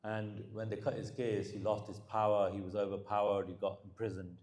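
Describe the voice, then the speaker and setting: A man's voice: on the low side, flat delivery, brisk, a little mellow, roomy sound. A man giving a religious talk, telling stories and mixing English with Punjabi phrases, growing more emphatic as he preaches. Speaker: Sikh preacher.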